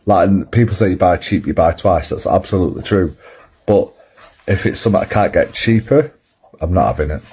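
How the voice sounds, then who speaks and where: A man with a Lancashire accent talks straight to camera in a blunt, dry, matter-of-fact way. His voice sits very low and has a husky, breathy grain to it. It is casual social-video chat. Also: expressive, a little fast, a little mellow. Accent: Lancashire English. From Lancashire, England. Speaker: TikTok creator.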